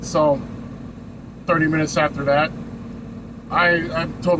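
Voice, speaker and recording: A man's voice: fairly high pitch, little pitch movement, takes it slowly, long pauses, background noise. A man who drives trucks tells a story in a loose, casual way, swearing and laughing between his lines.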